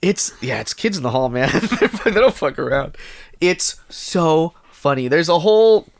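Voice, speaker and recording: A man's voice: fairly high pitch, unhurried, no room sound. A man co-hosting a podcast on a headset mic, telling stories animatedly in casual chat and laughing often. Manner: animated storyteller, laughs a lot. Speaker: podcast co-host.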